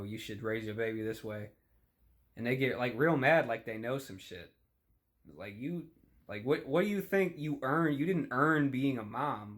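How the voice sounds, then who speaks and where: A young man delivering a crude, profane comedic rant, rambling in a deadpan way with sudden shouty outbursts. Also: mid-range voice. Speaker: comedic monologue host.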